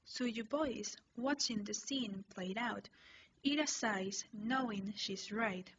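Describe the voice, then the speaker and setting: A woman's voice: fairly high pitch, slow pace, a bit bright. A woman narrating a second-person fanfiction story, reading plainly with small stumbles. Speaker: fanfiction reader. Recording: slightly muffled home recording with faint hiss.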